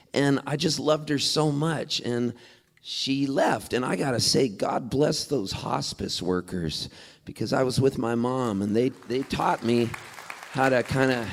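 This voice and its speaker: A man's voice: medium pitch, creaky. A middle-aged man from Southern California telling a funny, tender story on a concert stage. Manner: animated, jokey storytelling that shifts into song. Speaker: singer-songwriter performing.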